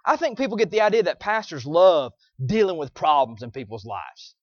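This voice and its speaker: A middle-aged pastor preaches a sermon conversationally, often restarting and swinging from quiet, soft passages to loud, emphatic ones. His voice is on the high side and very animated, at a moderate pace. The recording is muffled, with no room sound.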